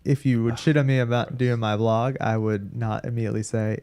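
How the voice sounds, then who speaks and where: A man's voice: medium pitch, steady tone, fast talker, hardly any pauses, darkish tone, smooth. Self-mocking man with a Boston accent. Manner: crude, self-deprecating storytelling. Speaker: podcast guest. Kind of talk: casual chat.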